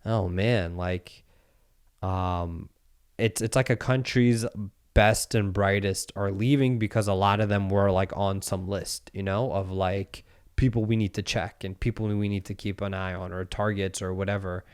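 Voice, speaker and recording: Smooth-voiced man telling a wild story. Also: deep voice, unhurried. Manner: animated storyteller, acts out quotes, swears. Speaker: podcast host telling a story. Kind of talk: casual chat.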